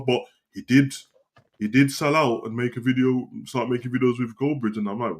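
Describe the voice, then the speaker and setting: Man, casual podcast banter, rapid delivery, animated. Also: mid-range voice. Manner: animated, slangy, repeats himself. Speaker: co-host.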